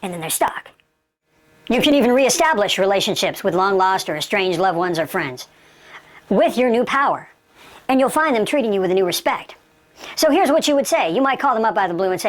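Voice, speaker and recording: A woman's voice: mid-range voice, lively intonation, a little fast. A woman instructor giving an emphatic lesson and acting out sample dialogue. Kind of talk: instructional talk.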